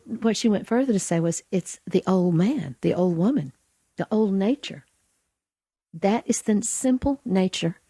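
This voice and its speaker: Woman hosting a faith podcast, deep mellow husky voice, slow and teachy. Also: no echo. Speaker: podcast host. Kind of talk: Christian podcast discussion.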